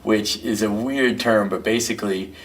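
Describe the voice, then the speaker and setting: A man, a musician and record producer, telling loose, animated stories as an interview guest, peppering them with "you know" and "man". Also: on the low side, normal speed, far from the mic. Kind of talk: casual interview storytelling.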